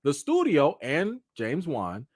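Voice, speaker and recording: Animated guy doing live commentary, slangy, pitch swings all over the place, slightly high voice. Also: slow pace, dry recording, clean studio sound. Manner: animated, slangy, acts out quotes. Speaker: host.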